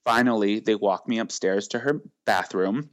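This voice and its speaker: A man's voice: fairly low pitch, normal speed, dry recording, clean studio sound. A young man, a celebrity makeup artist, telling a story in a casual interview. He talks animatedly and acts out other people's lines. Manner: animated, acts out quoted dialogue, heavy use of filler.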